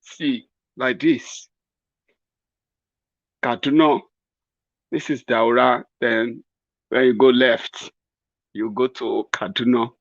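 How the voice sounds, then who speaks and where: A Nigerian man holds forth in a mocking political vlog, rambling and sarcastic, often chuckling at his own remarks. His voice sits mid-pitch. The sound is dull and dry. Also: fairly even intonation, takes it slowly, dry recording. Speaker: political commentator host.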